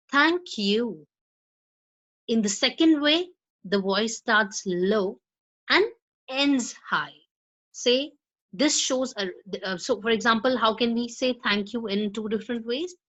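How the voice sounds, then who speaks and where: A spoken English teacher with a fairly high, fairly bright voice lectures students on pronunciation, explaining step by step and often checking in with "right?" The audio sounds dull.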